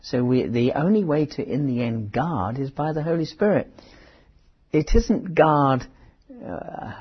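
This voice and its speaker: A man preaching a conversational Bible teaching, halting, with restarts and asides. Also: mid-range voice. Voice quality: very husky. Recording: dull lo-fi sermon recording.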